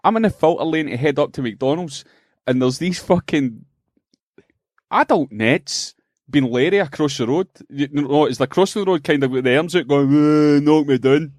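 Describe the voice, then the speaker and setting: Animated, sweary Scottish man telling stories. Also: on the high side, moderate pace, no room sound, clean studio sound. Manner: animated storyteller, swears freely and acts out voices. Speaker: podcast co-host. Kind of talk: casual comedic chat.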